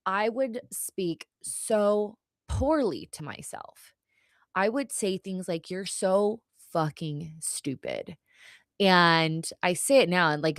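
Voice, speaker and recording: A woman's voice: on the low side, no echo, studio quality. A woman hosting a live-stream podcast, teaching in a conversational way and often checking in with "right?" and "okay?". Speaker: podcast host and mindset coach.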